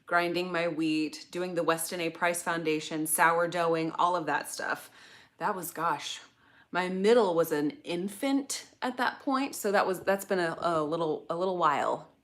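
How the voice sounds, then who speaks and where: A woman's voice: fairly low pitch, fairly bright tone. Chatty woman host reading live chat. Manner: chatty, rambling, with frequent fillers and self-corrections. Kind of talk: casual livestream chat.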